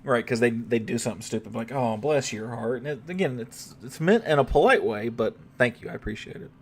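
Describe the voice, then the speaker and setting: While gaming on stream, a young Southern man with a light twang rambles casually and curses without restraint. His mid-range voice is a bit rough, and he talks at a quick clip.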